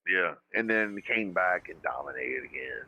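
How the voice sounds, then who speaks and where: A man's voice: deep voice, lively intonation, moderate pace, pushed and bright, poor audio. A man from Kentucky hosting a casual livestream chat, profane and jokey, often mimicking other people. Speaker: podcast host.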